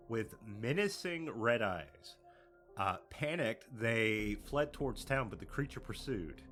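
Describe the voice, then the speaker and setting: A man co-hosting a casual podcast, reading sighting reports aloud between quick asides. His voice is bright and forward, and his pace slows when he reads from notes. Soft music sits faintly in the background. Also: mid-range voice. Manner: reads notes with frequent uh fillers, animated asides. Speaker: podcast co-host.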